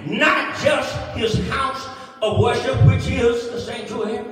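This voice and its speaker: A man with a Southern American accent preaching a call-and-response sermon in a church, repeating phrases, chuckling and building up to shouts. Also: extremely high pitch, steady tone, slow pace, faint music behind. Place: church sanctuary. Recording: echoey church hall from far off.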